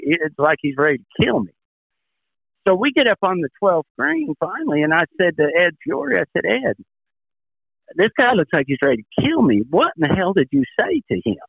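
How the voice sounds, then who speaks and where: An older man and former tour pro, a show regular, telling a folksy, animated story in casual chat. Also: sits high, fairly quick, creaky, no room sound. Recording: tinny phone line.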